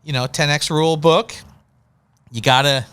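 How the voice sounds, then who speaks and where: A male host in a casual interview chat who tells stories in an animated way, acting out little scenes as he goes. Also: on the high side, moderate pace, clean tone. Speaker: podcast host.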